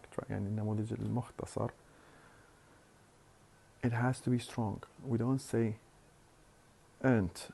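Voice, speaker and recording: A man lecturing on phonetics, explaining slowly and deliberately with hesitant fillers and repeated words. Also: medium pitch, creaky, dark tone. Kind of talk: recorded university lecture.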